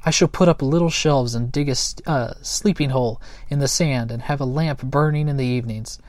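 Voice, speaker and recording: A man's voice: medium pitch, a little fast, a little mellow, no echo, natural voice. A man reading a storybook aloud and voicing a small, timid but boastful male creature who talks in a proud, slightly pompous manner. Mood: solemn dreamy.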